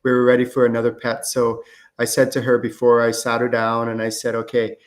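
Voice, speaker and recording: A man's voice: mid-range voice, monotone, fairly quick. A middle-aged man answers viewer questions on a live stream in a loose, conversational way. He fills his talk with "like" and "um" and slips into acted-out back-and-forths. His voice sits in an ordinary middle range. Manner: casual and chatty, many fillers, acts out student exchanges. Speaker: host and channeling teacher.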